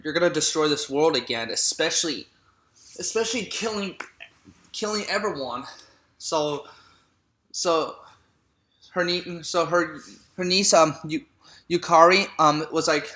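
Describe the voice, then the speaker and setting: A man's voice: fairly high pitch, pushed and bright. Guy rambling through a movie recap, tons of "like" and "um", echoey room at home. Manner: rambling, heavy on fillers and restarts. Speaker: movie reviewer. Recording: roomy echo.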